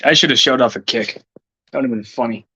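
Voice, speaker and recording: A man's voice: medium pitch, quick pace, pushed and bright, husky, dry recording, poor audio. A man livestreaming, rambling casually and muttering to himself in an irritable, profane way. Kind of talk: rambling casual stream talk.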